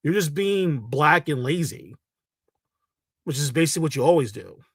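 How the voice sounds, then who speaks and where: A man's voice: on the high side, lively intonation, normal speed, gravelly, breathy edge, no echo, clean studio sound. A man giving a blunt, profane and heated commentary rant in a vlog. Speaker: commentary vlogger. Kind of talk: ranting commentary.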